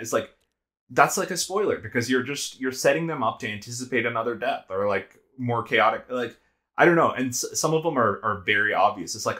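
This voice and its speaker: A man's voice: medium pitch, expressive, fairly quick, pushed and bright. An American man co-hosting a podcast, rambling casually with many fillers and restarts. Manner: rambling, frequent "like" and restarts, swears. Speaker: podcast co-host. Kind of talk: casual chat.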